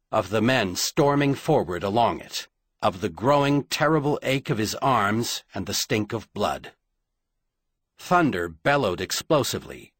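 Male narrator, dramatic delivery with wide swings in pitch, dry close sound. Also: fairly bright tone, dry recording. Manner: dramatic, measured storytelling. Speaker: audiobook narrator. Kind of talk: scripted fiction narration.

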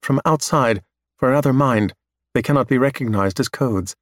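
A man reading a story aloud in steady, measured scripted narration. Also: mid-range voice, no echo.

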